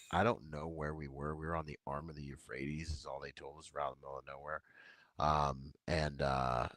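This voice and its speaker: A man's voice: a bass voice, no room sound. A man, a military veteran, telling personal stories in a casual, rambling way with lots of fillers. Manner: relaxed, rambling war stories with filler words. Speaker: podcast guest, veteran. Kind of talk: casual storytelling.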